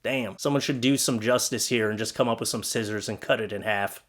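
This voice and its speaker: A young man from Canada hosting a casual reaction show, talking sarcastically and swinging between loud outbursts and mutters. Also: on the low side, brisk. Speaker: host reacting to posts.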